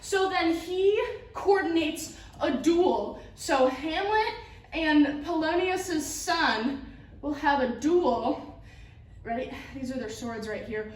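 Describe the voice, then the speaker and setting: A very high-voiced woman rambles through a plot summary for her class, giggling and leaning on filler words. She sounds distant, picked up from across an echoey classroom. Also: takes it slowly. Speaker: student giving a class presentation. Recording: roomy, from a distance.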